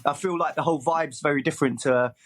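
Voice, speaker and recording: Male co-host, slightly high voice, enthusiastic, laughs easily. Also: fast talker. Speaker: podcast co-host. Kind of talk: casual podcast chat.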